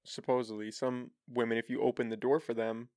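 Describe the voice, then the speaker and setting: A man's voice: medium pitch, level tone, brisk, a little mellow, no echo. A young man hosting a casual podcast chat, cracking dry, teasing jokes. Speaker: podcast host.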